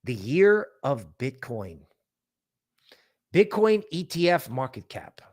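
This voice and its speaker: A man's voice: medium pitch, slow pace. A man hosting a crypto livestream, talking casually and animatedly, often mocking other people's worries in quoted voices. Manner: animated, sarcastic, mock-quoting others.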